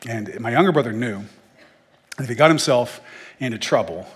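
A man's voice: mid-range voice, expressive, normal speed, husky, big-room sound. A man teaching through Bible verses in a casual, conversational way, with joking asides.

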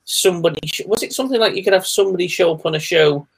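A man's voice: high voice, rapid-fire, gravelly, husky, low-quality recording. A man co-hosting a casual wrestling talk show, laughing often and steering the discussion. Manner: laughs often, leads the segments. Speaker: podcast co-host.

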